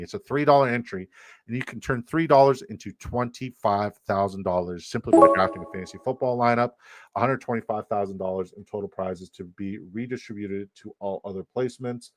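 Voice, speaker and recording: A man's voice: fairly low pitch, dry recording. A young adult man hosting a casual livestream with brash, profane, hype-man energy. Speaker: host.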